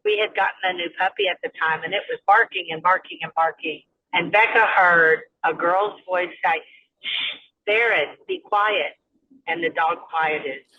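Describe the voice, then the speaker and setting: A woman's voice: fairly low pitch, highs cut off, slight background noise. A woman calling in to tell a ghost story, acting out the voices of the people in it. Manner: storytelling, acts out quoted voices. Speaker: caller.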